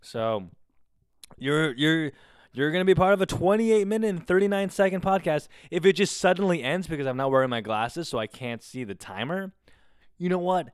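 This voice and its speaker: A man hosting his own podcast alone, chatting casually in a rambling, excitable way with a lot of swearing. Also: a little high, moderate pace, smooth, no room sound, studio quality. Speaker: podcast host. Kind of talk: casual solo podcast chat. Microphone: close studio mic on camera.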